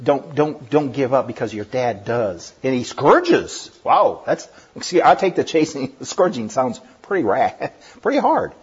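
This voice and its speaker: A middle-aged man preaching a sermon, lively and given to laughing asides and acting out voices. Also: medium pitch, measured pace, breathy edge. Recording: dull lo-fi recording.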